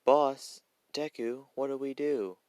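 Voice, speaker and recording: A man voicing an excitable young female villain in a fan story reading. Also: mid-range voice, takes it slowly, dry recording, pitched above the performer's own voice, close to an everyday voice. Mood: excited.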